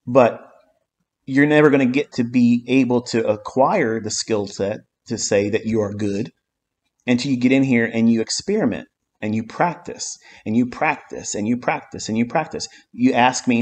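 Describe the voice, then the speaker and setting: A man of average pitch mentoring viewers over a livestream. He talks bluntly and profanely and hammers points home by repeating them. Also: normal speed. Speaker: trading mentor. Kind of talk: live-streamed trading lesson.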